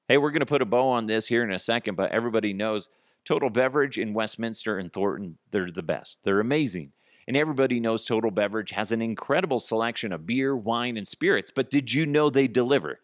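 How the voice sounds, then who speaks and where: Animated, profane comedic podcast host. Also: male voice, on the low side, no room sound, clean studio sound. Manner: profane, sarcastic, acts out both sides of a dialogue. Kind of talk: comedic solo podcast rant.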